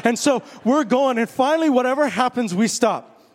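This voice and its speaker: A middle-aged male pastor preaching a sermon, telling a lively story, then leading communion. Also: normal speed. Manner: animated storytelling, rising high when excited.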